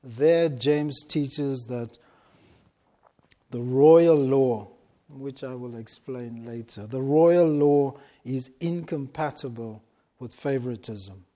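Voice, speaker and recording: A man preaching a sermon, slow and deliberate, stressing key words with long pauses. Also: mid-range voice, warm tone.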